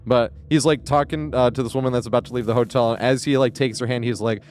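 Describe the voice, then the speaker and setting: A man chats on a live game stream in a loose, rambling way. He swears casually and laughs easily. His voice sits at an ordinary middle pitch. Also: steady tone, fast, a little mellow. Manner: rambling, profane, chuckles often. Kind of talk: casual live-stream chat while gaming.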